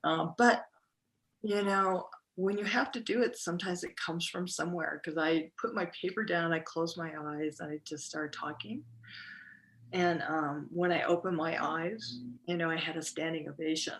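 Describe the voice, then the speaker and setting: A middle-aged woman recounting a personal story as a podcast guest, speaking haltingly with many fillers and restarts. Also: on the low side, fairly even intonation, a bit bright, a little hiss or hum.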